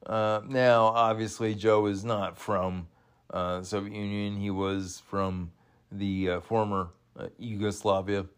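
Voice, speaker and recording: Man, casual watch-along host, slow delivery, excitable outbursts, laughs, halting fillers. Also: lowish voice, clear, resonant tone.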